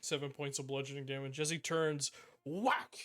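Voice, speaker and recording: A man's voice: mid-range voice, level tone, moderate pace, fairly bright tone. A man narrating a tabletop game as game master, casual and sweary, with music behind. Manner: casual, swearing, laughs often.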